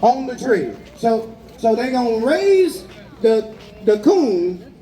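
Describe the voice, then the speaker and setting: Joking festival announcer over echoing loudspeakers. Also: medium pitch, big pitch swings, takes it slowly. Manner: joking, chatty play-by-play. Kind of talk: live event commentary. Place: outdoor festival grounds. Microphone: public address loudspeaker. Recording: echoing PA amid a crowd.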